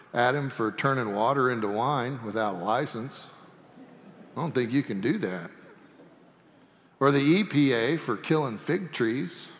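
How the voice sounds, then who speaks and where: A man preaching a sermon as pastor, folksy and animated, with humorous asides. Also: medium pitch. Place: church sanctuary. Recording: long sanctuary reverb.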